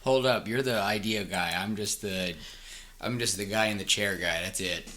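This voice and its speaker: A man co-hosting a podcast in casual chat, animated and quick to laugh. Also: lowish voice. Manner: animated, laughing, bouncy delivery. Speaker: podcast co-host.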